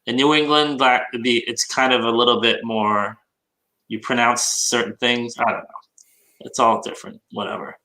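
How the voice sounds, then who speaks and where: A man hosts a casual podcast chat with a bright, forward voice. He keeps asking curious questions and riffs along easily. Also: medium pitch, fairly even intonation, moderate pace, poor audio. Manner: curious, chatty, asks questions. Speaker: podcast host.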